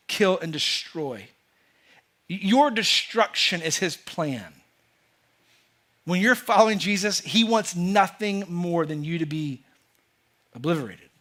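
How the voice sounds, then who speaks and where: A man's voice: high voice, fairly bright tone. A man preaching a sermon to a church congregation, earnest and emphatic, often repeating words and restarting as he builds a point. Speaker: pastor. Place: church sanctuary.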